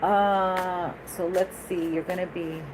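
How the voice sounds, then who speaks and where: Woman tarot reader, lowish voice, rambling and chatty, noisy recording. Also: slow. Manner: chatty, animated, laughs often, rambling asides. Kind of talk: casual tarot reading.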